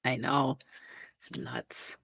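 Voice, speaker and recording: A woman's voice: very deep voice, big pitch swings, very slow, gravelly, a bit bright, slightly rough, dry recording. A woman with a Minnesota accent, chatting as a radio guest over a remote call and laughing often. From Minnesota, USA. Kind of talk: casual chat on a remote call. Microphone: remote call mic. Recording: dull distant call audio.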